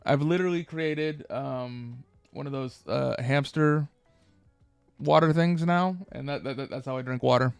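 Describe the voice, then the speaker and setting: A man streaming a game live, chatting casually and thinking aloud with many halting restarts. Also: mid-range voice, vocal fry, clear, resonant tone, no echo, soft background music.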